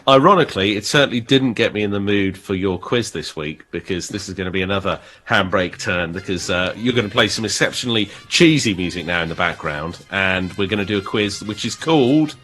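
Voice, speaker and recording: Male co-host, lowish pitch, bright forceful tone, playful teasing banter. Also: expressive, fairly quick, hardly any pauses. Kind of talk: live show chat.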